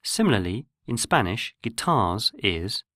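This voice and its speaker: A man giving scripted, measured narration for a pronunciation lesson. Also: fairly low pitch, sing-song, bright, forceful tone, dry recording, studio quality. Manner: measured, explanatory. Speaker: language course narrator.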